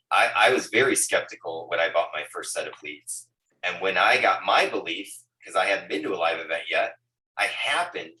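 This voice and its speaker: Casting: energetic male agency leader, low bright voice, heard at some distance on a call. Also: echoey room. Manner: energetic, repeats words, asks "right, guys?". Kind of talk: motivational team huddle. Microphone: Bluetooth earbuds on a video call.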